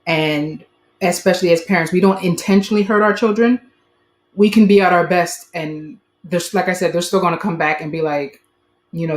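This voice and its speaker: A woman's voice: fairly low pitch, normal speed. A woman hosting a casual conversational interview, thoughtful and affirming, who often says "like". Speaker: host. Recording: roomy echo.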